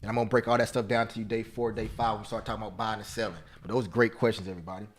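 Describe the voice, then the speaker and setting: A man teaching a live options trading class, excitable and repetitive, talking straight to his viewers and breaking into snatches of song. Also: on the low side, rapid-fire, slight background noise. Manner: sings snatches of love songs.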